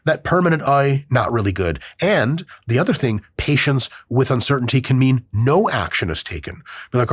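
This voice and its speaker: Animated, profane man hosting a podcast. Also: mid-range voice, normal speed, few pauses, husky, no echo, studio quality. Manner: profane, animated, acts out quoted voices. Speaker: podcast host. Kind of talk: casual chat.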